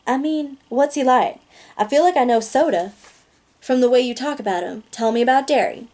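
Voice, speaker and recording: A woman reading aloud, voicing a sharp-tongued, proud teenage girl with a raised, pointed delivery. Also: sits high, moderate pace, pitched above the performer's own voice, close to an everyday voice. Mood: curious.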